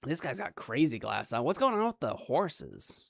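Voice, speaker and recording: American woman streamer, casual gameplay chatter, giggly and rambling, very animated. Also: rumbling low, normal speed, vocal fry, no room sound, studio quality. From United States. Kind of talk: casual let's play commentary.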